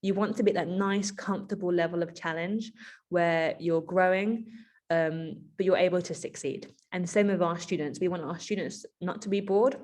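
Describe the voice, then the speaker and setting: A woman presenting a keynote in a relaxed, conversational way. Her voice sits a bit low, and she talks in an animated style, full of asides and fillers. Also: normal speed. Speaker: educator giving a keynote.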